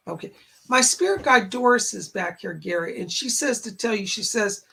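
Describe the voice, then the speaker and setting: A man hosting a psychic live stream in a raspy, strained voice, relaying spirit messages in short, halting phrases. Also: sits high, pushed and bright. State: strained, hoarse voice. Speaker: psychic medium host. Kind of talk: live-stream chat and readings. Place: home in a rural area.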